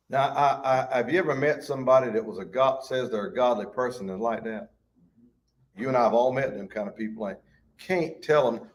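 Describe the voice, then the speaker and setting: A man's voice: medium pitch, moderate pace. Folksy male Bible study teacher. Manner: folksy, acts out quotes with shifting voice. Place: church.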